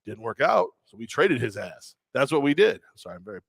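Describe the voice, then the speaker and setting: A man's voice: medium pitch, big pitch swings, moderate pace, gravelly, fairly bright tone, breathy edge. A man co-hosting a sports talk show, joking and rambling with a self-mocking streak. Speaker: co-host. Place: radio studio.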